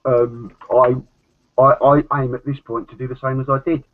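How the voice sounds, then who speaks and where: A man's voice: mid-range voice, little pitch movement, normal speed. A man with a Cockney accent chatting casually on a podcast, rambling with loose asides. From London. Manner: chatty, rambling, swears and laughs often. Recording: dull lo-fi audio.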